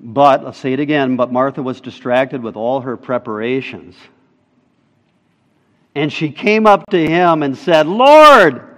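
A man's voice: medium pitch, unhurried. Emphatic preacher, man, echoing hall. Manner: emphatic, repeats key lines for emphasis. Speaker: pastor. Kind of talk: sermon. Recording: long reverb of a large hall.

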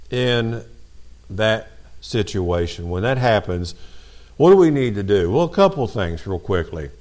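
Low-voiced man preaching a sermon. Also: sing-song, a little mellow. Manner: preaching with rising emphasis and dramatic pauses. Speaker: pastor.

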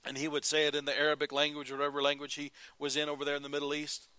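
Male pastor, fairly high, bright forceful voice, earnest sermon delivery. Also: monotone, rapid-fire, smooth, no echo. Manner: earnest preaching, rising to emphatic calls and dropping to quiet.

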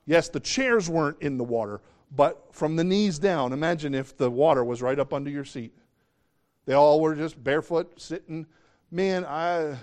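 A man preaching a sermon as pastor, talking conversationally and jumping into excited, high bursts. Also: normal speed.

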